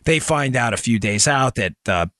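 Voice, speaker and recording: A middle-aged New York man hosts a political commentary podcast, speaking emphatically and firing rhetorical questions at his listeners, whom he calls "folks." His medium-pitched voice is expressive and fairly bright, at a normal speed. The recording is dry and studio quality.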